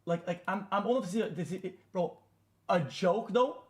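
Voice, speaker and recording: A man's voice: high voice, expressive, normal speed. A man ranting on his own stream in a clip, sounding irritated and dismissive. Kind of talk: casual stream rant.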